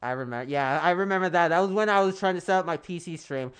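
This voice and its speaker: With music in the background, a man chats casually with his stream viewers, rambling on, cursing, and stumbling as he goes. His voice is a little high, fairly bright, and smooth, and he speaks fast.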